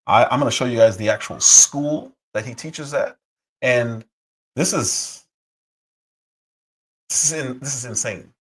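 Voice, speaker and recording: A man's voice: medium pitch, unhurried, pauses often, husky. A middle-aged man reacting to a clip on a livestream, sarcastic and indignant, with mocking asides. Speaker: livestream commentator. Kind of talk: reaction commentary.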